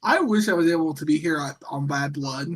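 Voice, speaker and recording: Chatty guy co-hosting a wrestling watch-along, higher voice, rambles a lot with tons of fillers. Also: a little fast. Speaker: co-host. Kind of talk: casual chat.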